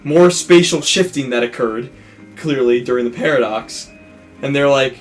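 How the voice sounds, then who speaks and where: A man's voice: on the high side, fairly quick, soft background music. A man hosting a let's play, casually retelling a movie plot with acted-out quotes and some swearing. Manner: animated storytelling, acting out quotes, swearing, laughing. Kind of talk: casual movie recap over gameplay.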